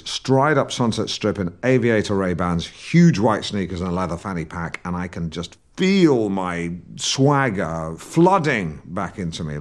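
Alan Partridge: pompous English broadcaster. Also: male voice, fairly low pitch. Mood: smug. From England. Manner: pedantic, rambling, self-satisfied. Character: pompous self-important middle-aged English broadcaster. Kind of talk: scripted comedy monologue.

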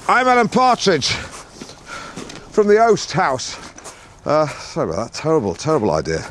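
A man's voice: mid-range voice, slight background noise, close to an everyday voice. A man playing a pompous, awkward middle-aged broadcaster who hosts a podcast, rambling and stumbling over his words in a comic monologue. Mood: chatty. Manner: pompous and rambling, full of hesitations and restarts. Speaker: podcast host. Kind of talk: scripted comedic character monologue.

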